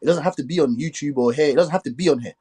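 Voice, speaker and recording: A man hosting a casual live stream, talking quickly and filling his speech with "you get me". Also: on the high side, warm tone, husky. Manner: fast, repetitive filler "you get me".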